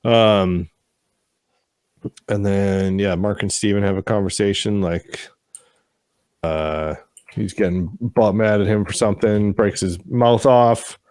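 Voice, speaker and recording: Animated man recapping a TV episode. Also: on the low side, slow pace, long pauses, clear, resonant tone, no echo, clean studio sound. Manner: animated retelling with mocking voices for the characters; swears casually. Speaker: podcast co-host. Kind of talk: casual TV show recap chat.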